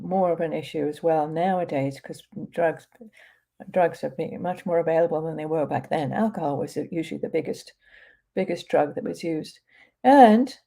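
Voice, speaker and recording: A woman's voice: low voice, gravelly, mellow. A woman with an English accent talking casually as an author on a live stream, with many fillers and restarts. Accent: English, from near London. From England. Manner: conversational, with frequent fillers and restarts.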